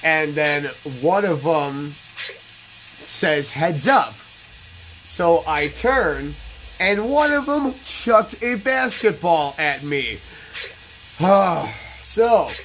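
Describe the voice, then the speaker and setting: Guy in his 30s with a higher-pitched voice, swearing a lot, bragging thru his stories, faint game music behind. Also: a bit bright. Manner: blunt, profane and boastful. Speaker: gaming channel host. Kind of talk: casual storytelling over gameplay.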